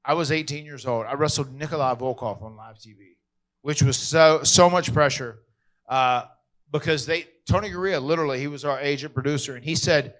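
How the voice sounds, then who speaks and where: A man's voice: mid-range voice, brisk. A man hosting a podcast, telling a story casually, acting out the people he quotes and often restarting his sentences. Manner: animated, acts out quoted voices.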